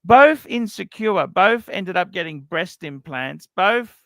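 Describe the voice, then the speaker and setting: A man's voice: high-pitched, expressive, slow pace, bright, forceful tone, no room sound. A man chatting casually on a livestream as co-host, blunt, crude and self-mocking.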